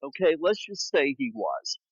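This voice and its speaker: A man's voice: on the high side, sing-song, normal speed, slightly rough, no echo, muffled recording. A man hosting a podcast while out walking, a little out of breath, telling frank stories about difficult guests. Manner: candid storytelling, frank about bad guests. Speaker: podcast host. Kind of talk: casual chat. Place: outdoors on a walk.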